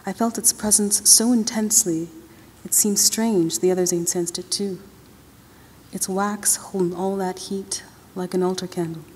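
Woman author, literary reading, drawling colloquial narration, mellow tone, podium mic, long hall reverb. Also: medium pitch, fairly even intonation, measured pace, a little hiss or hum. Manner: first-person narration in loose, drawling colloquial dialect. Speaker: author reading from her novel. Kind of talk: literary reading at an awards ceremony. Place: large ceremony hall.

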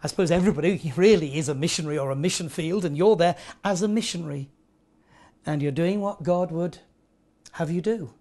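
A man delivers a sermon. He preaches earnestly and tells everyday stories, adding lively asides as he goes. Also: fairly high pitch, a little fast. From northern England.

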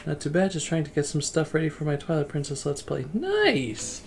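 A man's voice: fairly high pitch, little pitch movement, quick pace, vocal fry, a little mellow, a little hiss or hum. A man streaming a game casually, rambling as he plays and reading chat messages aloud.

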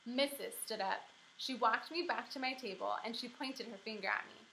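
A woman teacher reading a children's book aloud to young pupils, acting out the dialogue with lively expression. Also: a little high, normal speed, gravelly, slight background noise, low-quality recording. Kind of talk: children's read-aloud narration.

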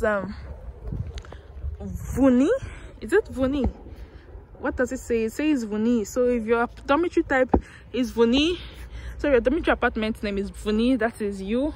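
A woman's voice: on the high side, a little mellow, slight background noise. A young woman vlogging a walking tour of a university campus outdoors, chatty and self-mocking, talking to viewers through a handheld phone. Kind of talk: casual walking vlog.

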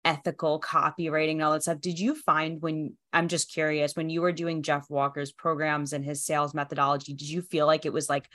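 Low-voiced candid woman host. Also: flat delivery, fairly quick, few pauses, a bit bright, no room sound, clean studio sound. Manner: candid and emphatic, with many "like" fillers. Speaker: podcast host. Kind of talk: casual interview chat.

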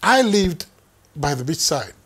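A man's voice: a little high, very animated, measured pace, a bit bright, breathy edge. A man, preaching a sermon in an emphatic way, repeating phrases for effect. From Ghana. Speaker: pastor.

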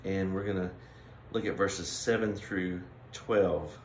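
Deep-voiced pastor teaching. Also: male voice, steady tone, darkish tone, echoey room, slight background noise. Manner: plain, unhurried teaching with frequent restarts and filler. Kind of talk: Bible-study sermon.

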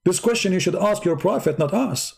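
A man hosting a live-stream debate, talking in a sarcastic, mocking, drawn-out way. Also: sits high, expressive, vocal fry, darkish tone, husky.

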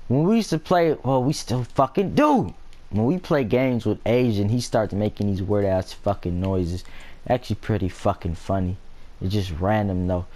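A man's voice: on the low side, normal speed, a little mellow. A young man chatting casually and profanely while playing a video game, rambling between stories and asides. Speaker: gameplay vlogger. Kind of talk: casual gaming commentary.

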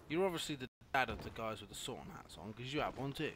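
A young man doing let's play commentary, swearing a lot and often breaking into angry yells. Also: mid-range voice, animated, fast talker, background noise. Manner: swearing, frequent angry yelling outbursts. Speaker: gaming youtuber.

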